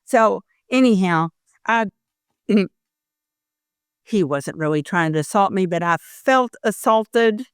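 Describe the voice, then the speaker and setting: A woman's voice: medium pitch, slow, pauses often, clear, resonant tone, dry recording, studio quality. An older woman, a podcast guest, chatting casually and acting out the voices in her stories. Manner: animated storyteller, acts out the voices in her stories. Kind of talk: casual interview chat.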